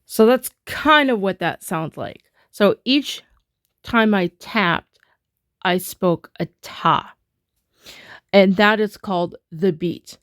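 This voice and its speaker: A woman's voice: mid-range voice, takes it slowly, fairly bright tone, no echo, studio quality. A woman teaching a music rhythm lesson in a chatty way, full of fillers, chanting rhythm syllables as she taps.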